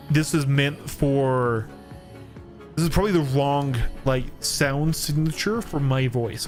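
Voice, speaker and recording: A throaty, thick-voiced American man chats through a game stream into a studio mic. His words slur a little and he restarts sentences often, poking fun at himself. Faint music plays underneath, and his pitch sits in a middle range. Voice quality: throaty, thick, slightly slurred. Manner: rambling, self-deprecating, frequent restarts. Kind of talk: casual chat while gaming. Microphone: studio microphone.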